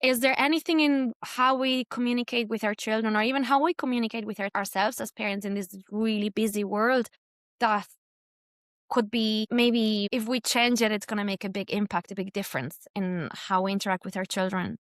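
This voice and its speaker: A woman's voice: medium pitch, steady tone, fairly quick, dry recording, clean studio sound. A woman hosting a podcast interview, asking long, thoughtful questions in a reflective way. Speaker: podcast host.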